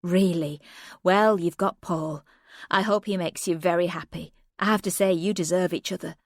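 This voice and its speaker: A woman's voice: lowish voice, steady tone, moderate pace, no room sound, clean studio sound, natural voice. A woman voicing the narrator's own character, a bitter, defiant wife speaking stonily. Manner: cold, stony and challenging.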